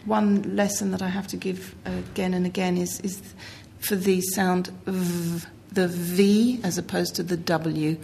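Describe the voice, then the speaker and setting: A woman's voice: on the low side, fairly even intonation, normal speed, vocal fry, hardly any pauses, warm tone, a little hiss or hum. A woman English teacher giving patient explanations in an interview clip.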